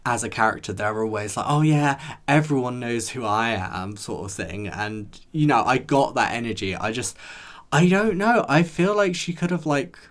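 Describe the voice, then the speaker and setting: A man's voice: mid-range voice, animated, normal speed, a bit bright. A man reviewing a TV episode in a chatty, rambling way, talking straight to his viewers. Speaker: show reviewer. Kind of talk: casual chat to camera.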